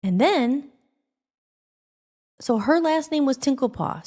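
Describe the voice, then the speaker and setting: A woman hosting a podcast, telling a personal story in a rambling, animated way, acting out the dialogue. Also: high voice, takes it slowly, long pauses. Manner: rambling, animated, acts out quoted dialogue with filler "like". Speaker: podcast host.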